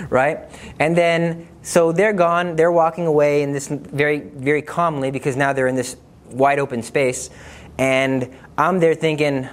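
A man telling a personal story in a lively way, acting out the dialogue in higher voices and dropping low and slow for serious asides. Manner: lively, acts out dialogue with raised pitch. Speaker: storyteller recounting a trip.

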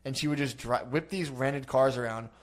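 A man's voice: medium pitch, moderate pace. A man in his thirties telling rambling, crude stories in casual podcast chat, swearing a lot.

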